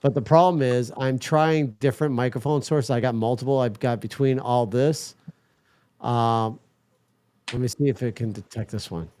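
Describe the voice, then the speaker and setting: A man's voice: medium pitch, moderate pace, a little mellow. A man hosting a casual livestream, talking to his chat while he fixes a setup and swearing now and then in frustration. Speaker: livestream host.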